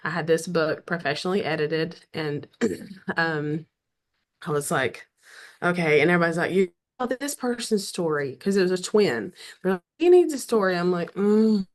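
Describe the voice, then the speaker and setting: Guest author: middle-aged Southern woman, lowish voice, chatty and animated, voices others' lines, clears her throat now and then. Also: normal speed. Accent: Southern American. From American South. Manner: animated, acts out quoted dialogue, frequent throat clearing. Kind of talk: casual storytelling interview.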